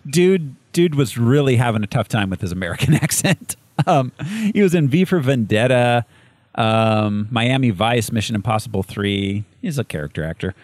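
A man's voice: mid-range voice, lively intonation, normal speed, darkish tone, no echo. A man co-hosting a casual movie review chat, rambling through cast lists with many fillers and frequent laughs. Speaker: podcast co-host.

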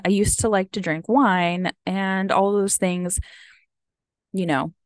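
A woman's voice: mid-range voice, a little slow, darkish tone, no room sound. An American woman in her thirties, a vlogger chatting casually and rambling with lots of "like" and "um", a bit sniffly. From United States. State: sniffly from having teared up. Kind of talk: casual chat.

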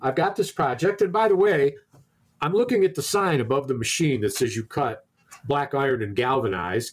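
A husky-voiced man spins a casual anecdote in everyday conversation, his pitch sitting in an ordinary middle range. He trips over repeated words as he goes and acts out each quoted exchange with lively emphasis. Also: normal speed. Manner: animated, restarts words, acts out quoted dialogue. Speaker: storyteller in a conversation.

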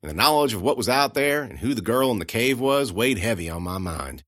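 Low-pitched guy reading a story aloud, casual and folksy, dry booth sound. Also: expressive, fairly quick, no room sound. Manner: folksy, conversational, hushed at grim moments. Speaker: audiobook narrator. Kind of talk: first-person audiobook narration.

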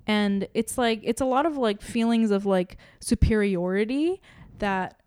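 A woman co-hosting a podcast, chatty and animated, piling up asides and fillers as she talks. Her voice sits at a middling pitch, recorded close and dry with no room sound. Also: dry recording. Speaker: podcast co-host. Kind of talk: casual chat.

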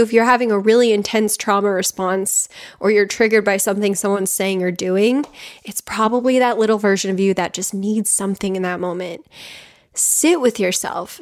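A woman talks frankly about healing work in a personal monologue. She is emphatic and blunt, swears now and then, and speaks at an average pitch. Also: normal speed. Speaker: podcast host, healing coach.

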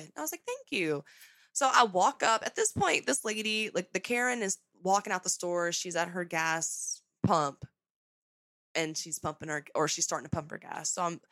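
A young adult woman hosting a podcast, telling a story in a casual, sarcastic, animated way. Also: fairly low pitch, moderate pace, dry recording. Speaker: podcast host.

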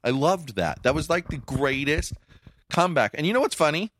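A middle-aged man co-hosting a podcast in casual chat, blunt and emphatic, his pitch jumping when he presses a point. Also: lively intonation, normal speed, a bit bright, no room sound. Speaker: podcast co-host.

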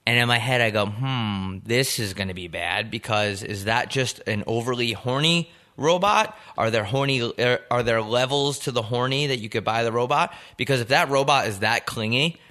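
A man's voice: mid-range voice, normal speed, few pauses, sharp tone. A young man co-hosting a podcast, riffing in a crude, rambling, joking way with plenty of swearing. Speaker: podcast co-host. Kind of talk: casual comedic podcast chat.

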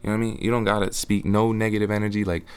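Young male podcast guest with a very low voice, earnest and slangy. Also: level tone, rapid-fire, smooth. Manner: earnest, slangy, restarts often. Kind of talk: casual podcast chat.

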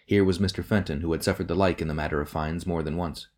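A man narrates a novel in a measured, steady audiobook reading. His voice is quite deep.

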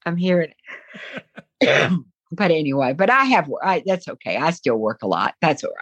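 Brief: older Southern-accented woman, rambling and anecdotal, low voice, dry, slightly dull sound. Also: big pitch swings, moderate pace, husky, no echo. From American South. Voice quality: chatty, rambling, full of asides. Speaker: voice-over actress, interview guest. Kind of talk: casual anecdotal interview talk.

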